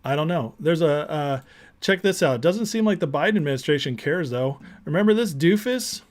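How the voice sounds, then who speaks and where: A man's voice: a little high, lively intonation, moderate pace. A man hosting a political commentary show, ranting emphatically and indignantly, often repeating words.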